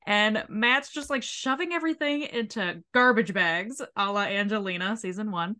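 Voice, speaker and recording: Bright-voiced woman recapping with profanity. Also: medium pitch, normal speed, few pauses. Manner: animated, profane storytelling with acted-out quotes. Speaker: podcast co-host recapping a reality show. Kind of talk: casual chat.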